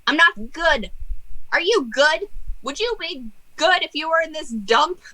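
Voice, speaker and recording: A woman's voice: high voice, lively intonation, unhurried, sharp tone, dry recording, pitched above the performer's own voice, heavily acted, low-quality recording. A woman voicing a scrawny, rude male jester ghost who likes to mock and prank. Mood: grumpy. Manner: snarky, mocking.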